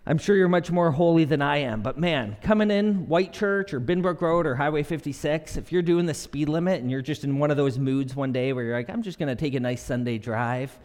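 A young man preaching a sermon, animated and expressive, acting out quotes with shifting pitch. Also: a little fast, hardly any pauses. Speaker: pastor. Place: church auditorium. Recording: long reverb of a large hall.

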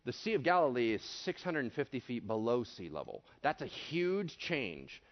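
A man preaching a sermon in an animated way, acting out voices and swinging between hushed and shouted lines. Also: mid-range voice, moderate pace, lo-fi sound. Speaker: pastor.

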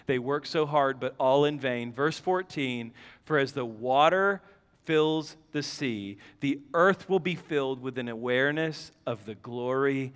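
A man preaching a sermon, reading scripture aloud with animated, joking asides. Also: high-pitched, smooth. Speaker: pastor. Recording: long hall reverb.

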